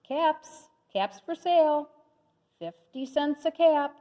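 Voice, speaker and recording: A woman's voice: fairly high pitch, very animated, slow pace, darkish tone. A woman voicing an angry male cap peddler who scolds and insists. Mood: calling out wares. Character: grumpy male cap peddler shouting at monkeys. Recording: long hall reverb.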